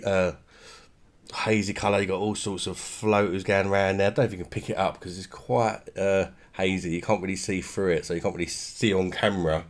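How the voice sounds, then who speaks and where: Man, low voice, casual vlog review, chatty, rhetorical tag questions. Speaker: beer reviewer.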